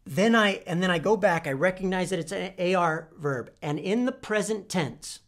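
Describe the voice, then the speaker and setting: A man teaching a Spanish verb lesson, spelling out letters and repeating each form deliberately. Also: high voice, fairly bright tone. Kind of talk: whiteboard language lesson.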